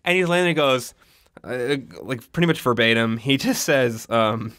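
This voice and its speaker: A man's voice: mid-range voice, normal speed, fairly bright tone, clean tone, dry recording, clean studio sound. A man co-hosting a podcast, retelling movie scenes in a rambling casual way, acting out lines and swearing freely. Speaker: podcast co-host. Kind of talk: casual film discussion.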